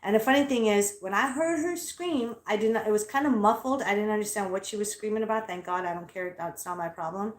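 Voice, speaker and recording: A woman talks loosely and bluntly in a casual vlog, with plenty of swearing. She sounds loud and straightforward, and her pitch sits in the middle. The room around her is echoey. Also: fairly quick, few pauses. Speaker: vlogger.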